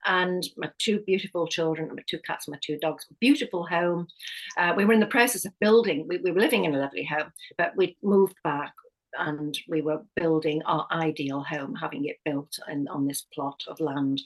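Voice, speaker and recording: A candid middle-aged woman speaks as a podcast guest, telling a personal story in a slightly low voice. She is a hypnotherapist and life coach, and she talks in an open, unscripted way, often stopping to restart or correct herself mid-sentence. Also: normal speed, poor audio.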